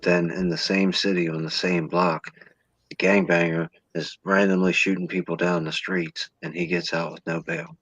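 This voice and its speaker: Man, guest, husky gravelly voice, dry close sound, rants sarcastically. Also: low voice, level tone, normal speed, fairly bright tone, no room sound, dull audio. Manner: ranting, sarcastic mock voices. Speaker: podcast guest. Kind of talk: casual political chat.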